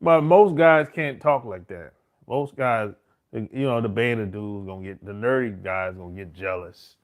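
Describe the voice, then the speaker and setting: A middle-aged man with a lowish, slightly slow voice hosts and tells stories in a casual, boastful, profane monologue. His swaggering street talk is thick with slang, and he keeps saying "man" and "bro."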